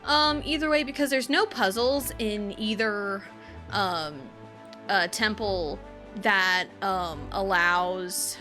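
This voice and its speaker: A woman's voice: medium pitch, takes it slowly, faint music behind. A woman streaming a video game, chatting casually and expressively with lots of "um" and "like," sometimes talking to her young child beside her. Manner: chatty and expressive, many fillers like "um" and "like"; talks aside to her young child while playing. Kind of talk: casual gameplay commentary.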